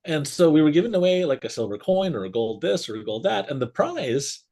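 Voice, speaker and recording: Co-hosting a laid-back business podcast, this man talks briskly in a somewhat high voice. He tells lively stories, performs other people's lines, and breaks into laughter frequently.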